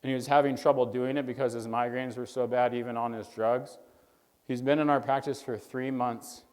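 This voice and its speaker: Brief: man, mid-pitched, earnest storyteller addressing young doctors from a stage, long hall reverb. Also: fairly even intonation, a little fast, darkish tone. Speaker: chiropractor speaking to young doctors. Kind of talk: motivational stage talk.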